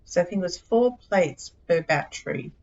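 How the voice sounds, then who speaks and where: A woman's voice: lowish voice, lively intonation, moderate pace, gravelly, a little mellow, dull audio. Chatty Australian woman streamer. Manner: chatty, scattered, giggly, self-mocking. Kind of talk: casual live game-stream chat.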